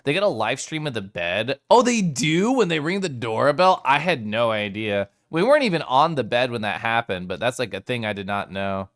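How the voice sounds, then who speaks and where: A man's voice: mid-range voice, big pitch swings, moderate pace, hardly any pauses, fairly bright tone. A man streaming live, chatting casually with his viewers, playful and giggly as he greets them by name.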